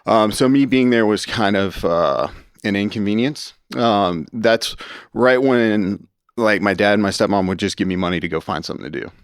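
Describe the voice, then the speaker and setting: A man from Houston, Texas, talks through his life story as a guest in a podcast studio, his voice sitting on the low side and the sound close and dry. He rambles, leaning hard on "like" and "right?", and slips into the voices of the people he quotes. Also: normal speed, no room sound. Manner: acts out quoted dialogue with shifts in tone. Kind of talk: personal story in a podcast interview.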